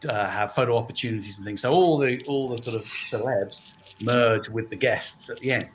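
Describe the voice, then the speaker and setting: Middle-aged man telling lively stories. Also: medium pitch, moderate pace, a little hiss or hum. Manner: animated storyteller who acts out quoted voices. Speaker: guest from a toy company. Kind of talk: casual chat.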